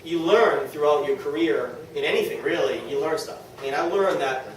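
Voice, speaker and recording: A man giving an enthusiastic testimonial talk to a small audience at a business meeting, quoting others in quick lively asides. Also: a little high. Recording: very echoey room, distant mic, faint noise.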